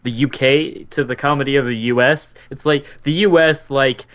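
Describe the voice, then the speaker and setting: Young male co-host, mid pitch, relaxed and easy to laugh. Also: normal speed. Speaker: podcast co-host. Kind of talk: casual chat.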